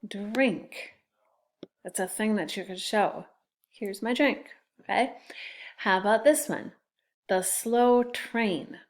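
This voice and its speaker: Slow, patient woman teaching second graders. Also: medium pitch. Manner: slow, patient, sounds words out letter by letter. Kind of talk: recorded classroom phonics lesson.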